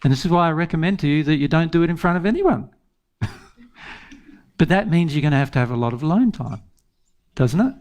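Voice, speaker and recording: A man's voice: on the high side, animated, brisk, long pauses, a little mellow. A man giving an informal spiritual teaching talk, earnest, repeating phrases and laughing often.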